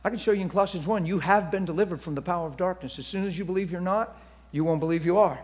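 A man's voice: high voice, fast talker. Man preaching in an echoing church hall. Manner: storytelling, swinging from hushed near-whispers to loud excited bursts. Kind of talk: sermon. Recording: long hall reverb.

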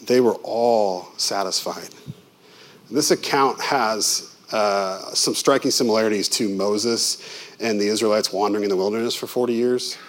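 A pastor delivers his sermon in a relaxed, conversational way, leaning on vivid asides and questions to his listeners. His voice sits on the low side for a man. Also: moderate pace.

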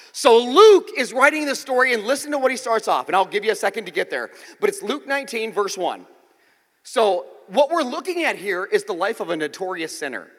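A male pastor preaches with a high voice that swoops constantly between ups and downs. He keeps it loose and joking, checking in with the congregation as he goes. His voice rings out with long reverb, as in a large church hall. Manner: lively, joking, conversational preaching with frequent "okay?" check-ins. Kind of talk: sermon. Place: church sanctuary.

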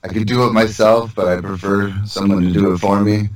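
A man's voice: lowish voice, steady tone, fairly quick. A man co-hosting a podcast over a video call, sarcastic and swearing freely as he riffs. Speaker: podcast co-host. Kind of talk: casual podcast banter.

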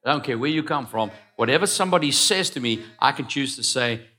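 A man preaching a sermon, swinging between loud declarations and quiet asides. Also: medium pitch, animated, a little fast. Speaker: pastor.

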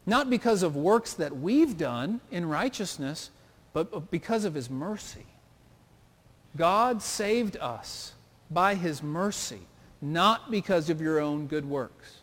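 A man preaches from the pulpit in a high voice, pressing his listeners with earnest questions in a steady preacher's cadence. The church sanctuary leaves a long reverb trailing behind each phrase. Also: slow pace. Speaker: pastor. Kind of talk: sermon.

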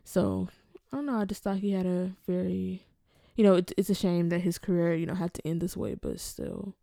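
A woman co-hosting a podcast, sharing news in a relaxed, chatty way with many hesitations. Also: on the low side, moderate pace, creaky, no room sound, clean studio sound. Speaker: podcast co-host. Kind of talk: casual podcast chat.

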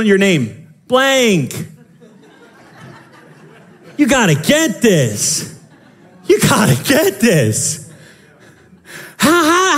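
Animated, high-voiced male pastor preaching. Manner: animated, playful, acts out scenes with laughter. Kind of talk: lively Easter sermon.

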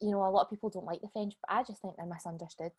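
A Scottish woman in her thirties, a business owner chatting as a podcast guest, relaxed and self-deprecating, laughing often. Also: medium pitch, rapid-fire, husky. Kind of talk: casual podcast chat.

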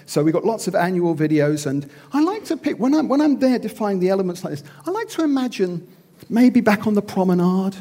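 A man's voice: sits high, very animated, a little fast, mellow. A middle-aged man telling a self-mocking story in a theatrical, sermon-like style. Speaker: speaker.

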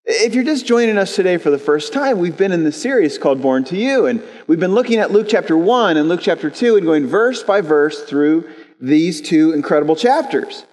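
A young adult man with a notably high voice preaches to his church, telling stories in an earnest, conversational way and often repeating a word as he restarts. His voice rings out with a long reverb tail from a large sanctuary. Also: expressive, normal speed, a little mellow. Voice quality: storytelling, earnest, repeats words when restarting. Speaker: pastor. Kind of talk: sermon. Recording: reverberant hall.

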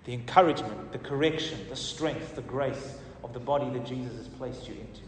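A middle-aged man, a pastor, telling a testimony in a sermon with animated storytelling that swings from loud to soft. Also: medium pitch, a little fast, slight background noise. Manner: animated storytelling, rising and falling in volume. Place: church hall. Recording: roomy hall reverb, distant mic.

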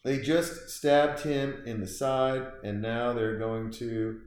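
Slow and slightly mellow, a man's medium-pitched voice carries a roomy sound. He hosts a loose, rambling podcast chat full of fillers and restarts, reacting to a film while he drinks beer.

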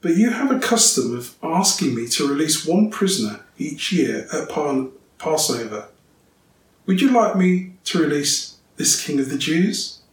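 A man's voice: fairly high pitch, big pitch swings, a little slow, slight background noise, voice pushed up. A man reading the part of a stern male Roman governor, with emphatic, raised questioning in a roomy, distant recording. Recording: roomy, distant, faint ambience.

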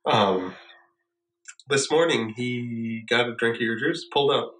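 A man's voice: medium pitch, measured pace, a bit bright. A young adult man co-hosting a podcast, meandering through stories with dry, joking asides. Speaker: podcast co-host. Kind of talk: casual chat. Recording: roomy echo, faint background noise.

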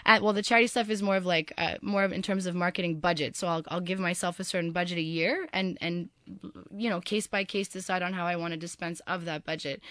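A woman in her twenties being interviewed as a guest on a radio show, talking in an animated, chatty way with lots of fillers and laughter. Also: fairly low pitch, dry recording. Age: 20s. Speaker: guest entrepreneur. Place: radio studio.

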